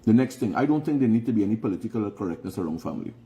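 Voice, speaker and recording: A man's voice: lowish voice, lively intonation, very fast, mellow, slight background noise. A Guyanese man hosting a vlog, talking frankly and preachily, giving life advice and repeating phrases for emphasis. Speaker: host. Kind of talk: casual advice monologue.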